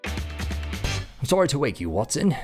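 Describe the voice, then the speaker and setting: Man doing a sharp victorian detective, attempted british accent, precise and reassuring, voice pitched up high, faint music behind. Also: sing-song. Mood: hushed. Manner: brisk, precise, gently reassuring.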